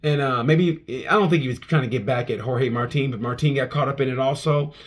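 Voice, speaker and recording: A man, a comedian, reviewing a motorcycle race in a casual, animated monologue full of restarts and profanity. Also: mid-range voice, fairly quick.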